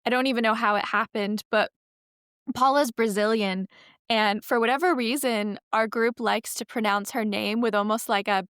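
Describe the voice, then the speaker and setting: Chatty woman podcast host, smooth dry voice. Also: a little high, steady tone, moderate pace, fairly bright tone, no room sound. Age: 30s. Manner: chatty, rambling, self-correcting. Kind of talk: casual podcast intro.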